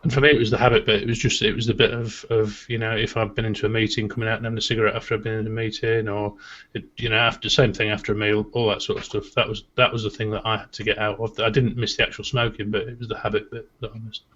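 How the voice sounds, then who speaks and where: Low flat-voiced man, dull audio. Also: fast, breathy edge. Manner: steady, reflective storytelling with restarts. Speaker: co-host. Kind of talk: casual chat. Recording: dull lo-fi sound.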